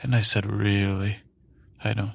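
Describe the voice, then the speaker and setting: A timid young boy prince rambles through a bedtime story, stammering and halting, as a man puts him on. His voice is gravelly and a little husky, close and dry, with no room around it. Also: fairly low pitch, little pitch movement, dry recording, exaggerated voice. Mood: timid, fretful. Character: timid young boy king's brother, fearful, meek. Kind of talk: bedtime story to help sleep.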